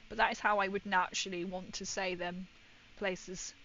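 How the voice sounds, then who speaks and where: A woman's voice: medium pitch, little pitch movement, moderate pace, sharp tone, muffled recording, slight background noise. A woman with a northern English accent chatting playfully with her stream while painting, laughing often. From northern England. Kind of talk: casual livestream chat while painting. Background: faint music.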